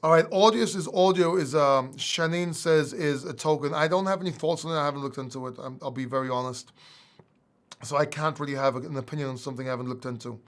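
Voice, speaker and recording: A man's voice: fairly high pitch, fast talker. A man hosting a casual livestream Q&A, with a slight Greek accent, reading viewer questions aloud and chatting back informally. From England. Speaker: livestream host.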